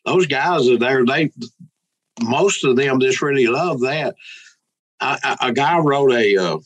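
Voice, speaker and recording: A man speaks in a relaxed, mid-pitched voice as a pastor in a casual interview. He rambles in a folksy way, often slipping into other people's words as he tells a story. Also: a little slow, lo-fi sound. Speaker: pastor and guest.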